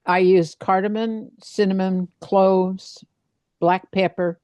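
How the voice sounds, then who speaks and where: A woman in a casual video-call chat, speaking in a measured, thoughtful way. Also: medium pitch, steady tone, darkish tone, dry recording, highs cut off.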